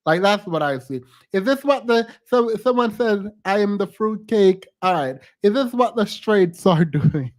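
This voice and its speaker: A hoarse podcast host giving sassy, laughing commentary on a clip. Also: medium pitch, very animated, normal speed, hardly any pauses. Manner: sassy, exclamatory, laughs often. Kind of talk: casual reaction commentary.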